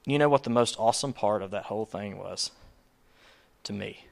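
A man preaching a sermon in a conversational, emphatic way, swinging from soft asides to loud urgency. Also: on the low side, moderate pace, gravelly. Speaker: pastor.

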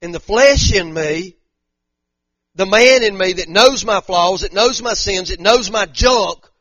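A man's voice: high voice, unhurried, fairly bright tone, no room sound, muffled recording. A pastor preaching a fervent sermon, repeating his points and using casual slang. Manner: fervent, repetitive preaching with Southern-style slang.

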